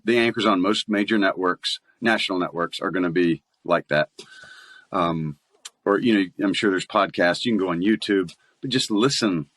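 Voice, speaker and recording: Southern guy talking shop, laid back and chatty, lowish voice, dry close mic. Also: a bit bright, no echo. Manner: easygoing and chatty, laughs often. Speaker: voice actor guest. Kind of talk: casual interview chat.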